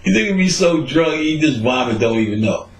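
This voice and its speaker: A man's voice: on the high side, animated, a little fast, a little hiss or hum. A man hosting a podcast, telling a profane story in casual chat while laughing often. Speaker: podcast host. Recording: roomy echoey recording.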